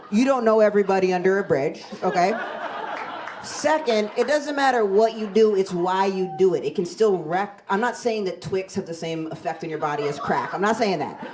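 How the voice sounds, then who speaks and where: A woman in her forties performing a stand-up set on a comedy club stage into a handheld mic, with a deadpan, self-mocking delivery. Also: medium pitch, a little hiss or hum. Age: 40s. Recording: live club with loud crowd laughter. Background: audience laughing.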